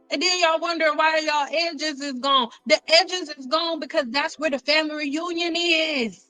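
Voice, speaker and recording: A woman hosting a hair care live stream, joking around in a playful, animated way and repeating lines for effect. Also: very high voice, moderate pace, hardly any pauses, soft background music, rough recording.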